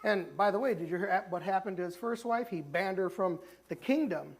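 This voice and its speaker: In a church sanctuary, a pastor with a Midwestern American accent preaches conversationally, restarting often and voicing the characters in the stories he retells. His voice is high and a little fast.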